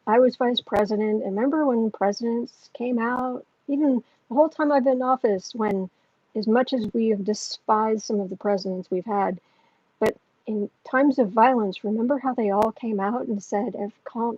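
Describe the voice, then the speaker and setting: Woman doing older statesman guy, slow soothing calm-down speech, husky, dull lo-fi audio. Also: fairly high pitch, no room sound, lightly acted. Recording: dull lo-fi sound.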